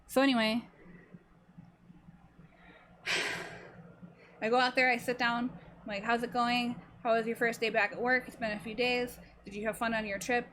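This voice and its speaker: Her pitch is fairly high and fairly flat, and she speaks unhurriedly with frequent pauses against a noisy background. She's a streamer in her early twenties, swearing freely as she rambles through a story to her chat over loud music.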